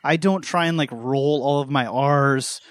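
A man hosting a podcast, chatting in a halting way and laughing between phrases. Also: mid-range voice, no echo, studio quality. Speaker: podcast host. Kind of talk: casual chat.

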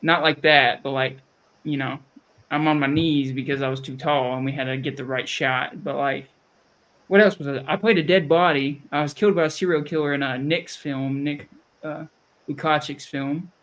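Man, Southern US accent, podcast host, casual rambling chat, fairly high voice. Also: fairly even intonation, moderate pace, a bit bright. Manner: rambling, chatty, restarts sentences.

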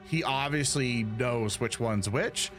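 A man runs a tabletop role-play game as game master. He narrates the action in a lively way and drops in his own sound effects. His voice sits at a middle pitch, with faint music playing behind him. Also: slow.

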